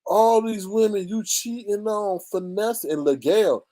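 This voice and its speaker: A man hosting a casual gossip commentary, animated and mocking, often jumping into high squeals. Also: unhurried, no echo. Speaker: YouTube commentary host.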